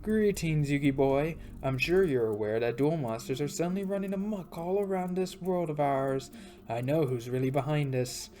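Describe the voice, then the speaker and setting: A flamboyant rich showman drawls each word slowly and theatrically, as a woman puts him on. The voice sits low for a woman. Faint music plays underneath. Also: animated, warm tone. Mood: smug. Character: flamboyant rich male game creator.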